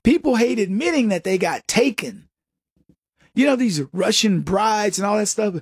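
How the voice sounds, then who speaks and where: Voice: mid-range voice, lively intonation, moderate pace, slightly rough, dry recording, studio quality. A commentator giving a sarcastic opinion monologue, mocking people and acting out quotes.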